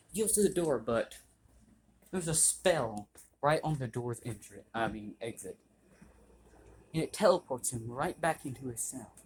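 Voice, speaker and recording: Man, casual story narration, rambling, profane, slow, middle pitch. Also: slight background noise. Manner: rambling, swears, corrects himself.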